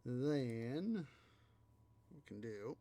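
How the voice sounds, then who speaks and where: A man's voice: mid-range voice, animated, drawn-out words, dark tone. A man hosting a city-building game video, musing aloud in rambling casual commentary full of fillers. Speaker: let's play host.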